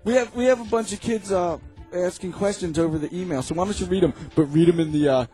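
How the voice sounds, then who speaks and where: A man's voice: sits high, fast talker, dark tone, slightly rough, faint music behind. A man co-hosting a radio show, egging the others on with laughing prompts. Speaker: radio co-host. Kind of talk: casual radio banter.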